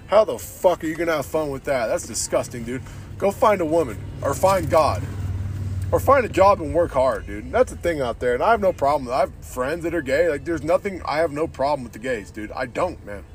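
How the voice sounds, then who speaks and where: A man's voice: a little high, animated, fairly quick. A man hosting a podcast, ranting casually and bluntly, swearing often and calling everyone "dude". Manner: profane, says "dude" constantly; blunt and opinionated. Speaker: podcast host.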